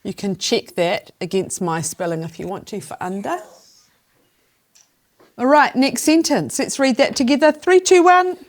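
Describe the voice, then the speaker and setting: A woman leads a young class through a spelling lesson, her voice clear and encouraging. She talks in a steady middle pitch, giving short instructions and counting the children in. She is recorded in a classroom. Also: normal speed. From New Zealand. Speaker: primary school teacher. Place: primary school classroom.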